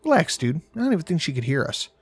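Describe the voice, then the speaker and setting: A man's voice: on the high side, big pitch swings, fast, husky, no echo, voice pushed up. A man voicing a brash, joking young man who talks in a breezy, mock-polite way.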